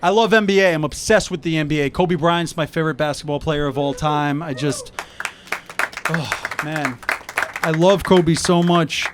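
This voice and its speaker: A man from New York performing stand-up, his voice sitting a bit higher than most men's. He talks in a loose, chatty way and slips into quick bits of dialogue with his friends. Faint outdoor ambience hangs behind him on the rooftop. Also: a crowd in the background, noisy background. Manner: conversational, acts out dialogue with friends. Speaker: stand-up comedian. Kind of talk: stand-up comedy set.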